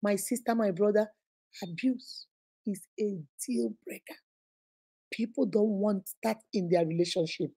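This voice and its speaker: A woman's voice: medium pitch, unhurried, mellow, husky. A woman with a Nigerian accent hosting a relationship advice livestream, speaking emphatically and preaching directly to her viewers.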